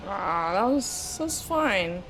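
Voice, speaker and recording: A young woman streaming a game live, reacting excitably and laughing often as she plays. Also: medium pitch, takes it slowly, slight background noise. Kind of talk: live gameplay commentary.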